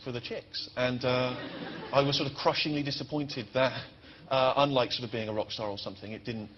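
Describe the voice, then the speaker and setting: A man's voice: medium pitch, steady tone, a little fast. A man telling a rambling, self-deprecating story as a talk show guest, full of fillers. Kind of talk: chat show anecdote. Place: TV studio with live audience. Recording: muffled TV broadcast with audience noise.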